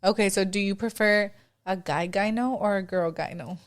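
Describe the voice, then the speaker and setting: Relaxed young woman, casual filler-heavy chat. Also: medium pitch, normal speed. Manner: relaxed, filler-heavy, asks questions, agreeable. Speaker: podcast co-host.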